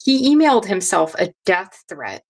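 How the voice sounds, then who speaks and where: Woman, chatty guest, animated storytelling, mid-pitched voice. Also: moderate pace, slight background noise. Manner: animated, chatty, quotes others in dialogue. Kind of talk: casual storytelling in an interview.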